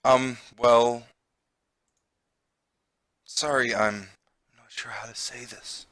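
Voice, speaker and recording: Guy reading lines as a sad quiet pigeon boy from a dating game, slow and hesitant, bright voice. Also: medium pitch, level tone, dry recording. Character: sad young male pigeon schoolboy.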